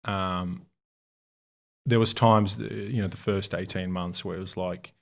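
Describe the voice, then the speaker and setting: Animated man telling a story in an interview. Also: sits low, measured pace, gravelly. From Bosnia and Herzegovina. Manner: animated, laughs often, acts out other people's lines; informal, swears casually. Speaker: interview guest, art supply store founder. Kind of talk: casual storytelling in a podcast interview.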